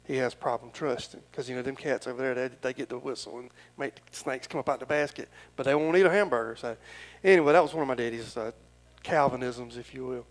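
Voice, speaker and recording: A man's voice: mid-range voice, quick pace, hardly any pauses, rough recording. A middle-aged man, preaching a folksy, rambling and earnest sermon as pastor.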